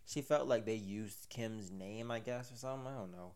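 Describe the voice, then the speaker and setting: A man's voice: fairly low pitch, normal speed, a little mellow, smooth. A man hosting a casual commentary, recapping a story with rambling, chatty asides. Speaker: commentary host.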